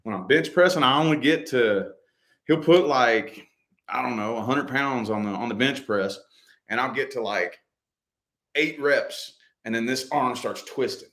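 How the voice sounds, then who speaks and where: A man in relaxed conversation, telling a story at an ordinary, middle pitch. He swears freely and repeats his phrases as he goes along. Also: unhurried. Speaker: co-host of a couple's vlog. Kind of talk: casual storytelling chat.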